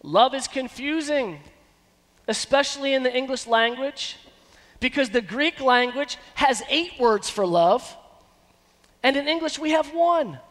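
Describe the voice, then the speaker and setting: A man in his thirties preaching a sermon as pastor, animated and given to breaking into snatches of song. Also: very high-pitched. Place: church sanctuary. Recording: long church hall reverb.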